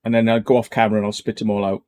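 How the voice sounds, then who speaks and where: A man's voice: fairly low pitch, flat delivery, rapid-fire, darkish tone. A man joking around as a guest in a casual stream chat. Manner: jokey, silly.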